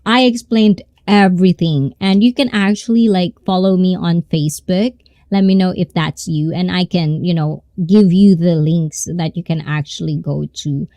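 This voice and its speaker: A woman's voice: on the low side, fairly even intonation, moderate pace, mellow, dry recording. A woman chatting casually and rambling to viewers on her live stream. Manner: rambling, conversational.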